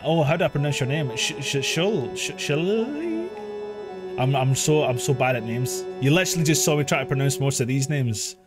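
A man in his thirties talks through a game live, excitable and quick to swear and laugh. His voice sits at an ordinary middle pitch for a man. Faint game music plays underneath. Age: 30s. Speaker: streamer. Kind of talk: casual live gameplay commentary.

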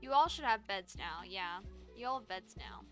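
A young woman streaming a game, reacting out loud with casual swearing and bursts of dramatic pleading. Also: mid-range voice, big pitch swings, normal speed. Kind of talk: casual live game commentary. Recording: faint game music behind.

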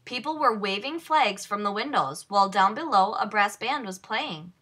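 A woman reading a children's picture book aloud in slow, expressive storytelling. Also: medium pitch, husky. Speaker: storybook reader. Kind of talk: children's read-aloud narration.

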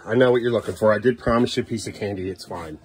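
A man's voice: fairly low pitch, fast talker, darkish tone, a little hiss or hum. A man filming a casual family vlog at home, coaxing and joking with his children as he hurries them through bath time. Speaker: father filming his kids.

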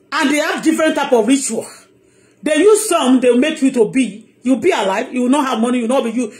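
A woman's voice: high voice, darkish tone. A woman with a Nigerian accent giving an impassioned, heated monologue on her blog, emphatic and repeating herself. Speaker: online blogger.

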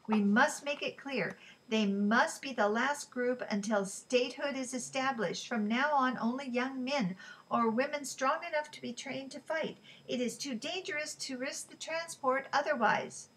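A woman voicing a gruff, irritable male sailor who speaks curtly. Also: very high voice, unhurried, sharp tone, pitched above the performer's own voice, exaggerated voice. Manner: curt, snappish.

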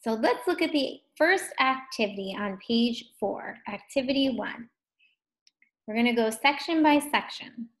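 Female first grade teacher, slow and stretched out, a bit high, gently encouraging. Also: lively intonation. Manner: slow, drawn-out words sounded out for children; gentle, encouraging questions to young learners. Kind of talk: distance learning phonics lesson.

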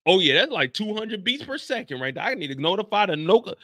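A man recapping a TV episode in casual storytelling style, animated and profane, loudly acting out quotes. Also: high-pitched, fast talker, no echo. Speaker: recap host.

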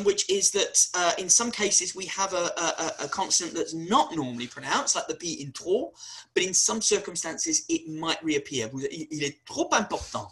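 A university lecturer giving a webinar talk, animated and wry, often spelling words out letter by letter. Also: mid-range voice, poor audio.

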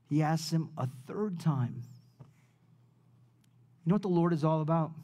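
A man preaching a sermon as pastor, telling the story in a casual way with slang, rising loud and dropping to a hush. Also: on the high side, expressive, a little slow, long pauses.

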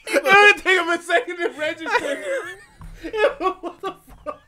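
A man chatting as a podcast co-host, giggling constantly and reacting with drawn-out exclamations. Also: very high voice, animated, a crowd in the background. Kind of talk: casual chat.

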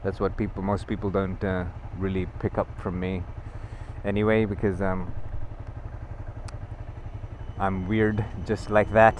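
A man's voice: sits low, little pitch movement, unhurried, long pauses, darkish tone. A man in his twenties from Brunei, chatting casually in a motorcycle vlog, rambling and joking at his own expense. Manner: rambling, joking, self-deprecating. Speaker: motovlogger. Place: outdoors on city streets. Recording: outdoor traffic noise. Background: traffic and motorbike noise.

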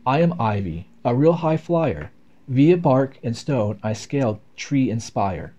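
A man reading nature poems aloud in a rhythmic, expressive way. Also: mid-range voice, unhurried, lo-fi sound. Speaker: reader. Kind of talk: poetry read aloud.

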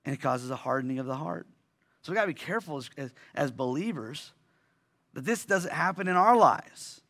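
A pastor preaching a sermon in a conversational way, restarting phrases often and asking rhetorical questions. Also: male voice, fairly high pitch, animated, fairly quick, a bit bright.

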